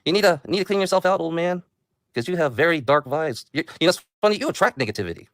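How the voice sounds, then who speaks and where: A man's voice: on the high side, animated, quick pace, fairly bright tone, no room sound, studio quality. A man hosting his own livestream, talking casually in a meandering way and taunting viewers. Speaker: livestream host.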